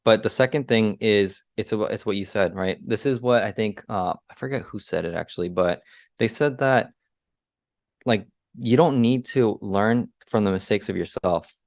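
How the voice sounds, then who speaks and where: A young man co-hosting a casual motivational business talk. He is energetic, asks rhetorical questions and keeps adding "right?" and "like". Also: fairly low pitch, moderate pace, no echo, studio quality. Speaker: podcast co-host and business coach.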